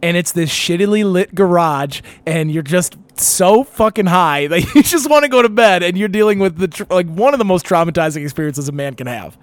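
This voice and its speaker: A man's voice: sits high, brisk, hardly any pauses, clean tone, no echo. A young man telling a wild story on a casual talk show, swearing often and acting out what people said. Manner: animated, profane, acts out quotes.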